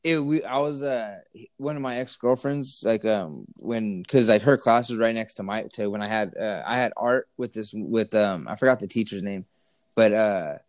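A man's voice: fairly low pitch, normal speed, dry recording. Rambling young man telling a story. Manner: rambling, lots of fillers and restarts, teasing. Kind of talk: casual storytelling banter.

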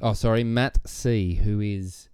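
Male co-host, low and smooth voice, blunt talker who swears freely. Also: slow pace, no echo, studio quality. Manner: blunt and animated, swears casually. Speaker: podcast co-host, librarian. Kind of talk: casual chat.

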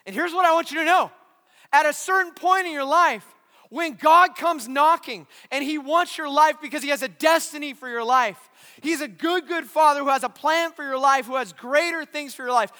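A man's voice: very high-pitched, moderate pace, big-room sound. A male pastor preaching a sermon in a large church, telling a story animatedly and acting out voices. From California. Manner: animated storyteller, acts out voices, shouts at climaxes.

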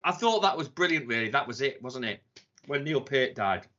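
A man's voice: mid-range voice, expressive, normal speed, bright, forceful tone. A man chatting casually on a podcast as a co-host, enthusiastic and rambling, swearing as he talks. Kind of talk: casual chat. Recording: dull lo-fi sound.

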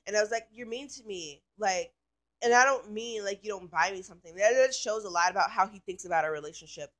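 A woman's voice: mid-range voice, fast, a bit bright. A woman telling a story in a casual, rambling rant, full of fillers and swearing. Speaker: vlogger.

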